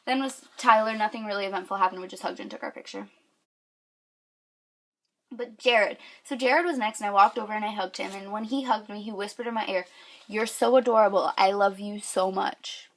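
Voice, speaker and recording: A woman's voice: medium pitch, a little fast, bright, forceful tone. A young woman from New York telling a story to camera with lots of fillers, gushing and squealing when she quotes people. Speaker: vlogger.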